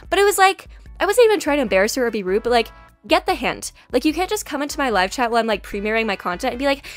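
Brief: woman, high and quick, sassy storytime vlogger, faint music underneath. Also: big pitch swings. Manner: sassy, chatty, lots of "like". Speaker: YouTube graphics artist. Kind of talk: casual storytime vlog. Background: faint background music.

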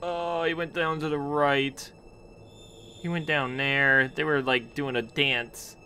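A man's voice: on the high side, little pitch movement, slow pace, bright, forceful tone, soft background music. A young man commentating a horror game, nervous and jumpy, chatting to objects around him and yelping at scares. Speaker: gaming YouTuber.

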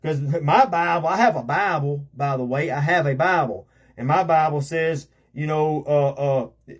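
A man's voice: a little high, normal speed, slightly rough. A man preaching a conversational sermon as an evangelist, repeating himself and filling with "you know".

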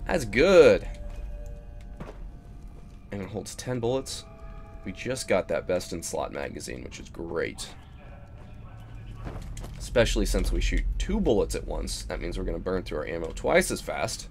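A man giving casual let's-play commentary on a video game, excitable and swearing freely, sometimes breaking into silly squeals. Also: low-pitched, normal speed, vocal fry, soft background music. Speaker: gaming YouTuber.

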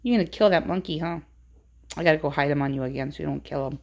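A woman films her dogs inside her home for a casual pet vlog, cooing at them in sing-song baby talk. Her voice is low-pitched, fast, creaky, and a little mellow.

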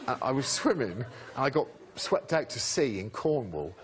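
A man guesting on a talk show, telling a funny anecdote with animated comic delivery. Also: mid-range voice, moderate pace. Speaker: comedian guest. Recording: loud studio audience and noise.

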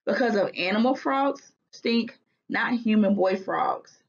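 A woman voicing a lively young girl who coaxes her little brother along in a playful, eager way. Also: medium pitch, measured pace, vocal fry. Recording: dull lo-fi recording.

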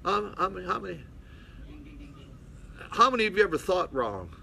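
Blunt older male pastor, bright voice. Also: high voice, sing-song, moderate pace, gravelly. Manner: blunt, calls out to listeners. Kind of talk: folksy preaching Bible study. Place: small mission hall.

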